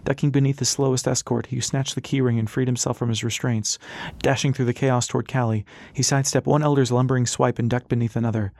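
A man narrates a fantasy chapter in a steady, mid-pitched voice. The recording is dry and close, with no room sound. He nudges his voice a little for each character's lines. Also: fast talker, dry recording. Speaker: audiobook narrator. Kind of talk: scripted narration.

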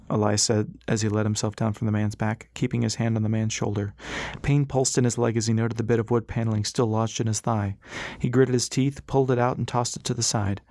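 A man reads an adventure audiobook as its narrator with a steady storytelling pace. His voice is a little low, and the recording is dry and close to the mic. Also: a little fast, few pauses, dry recording. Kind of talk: scripted narration.

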